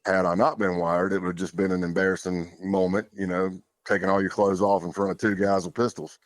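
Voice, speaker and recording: Low-voiced man telling his story. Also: level tone, brisk, no room sound. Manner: plainspoken, loose, with casual fillers. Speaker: podcast guest. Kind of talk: conversational storytelling.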